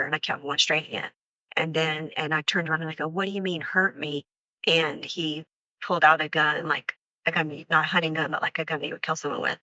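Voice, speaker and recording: A woman recounting a frightening attack in an unscripted interview, halting and full of fillers, acting out what was said. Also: low-pitched, steady tone, sharp tone, no room sound, dull audio. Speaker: crime survivor recounting an attack.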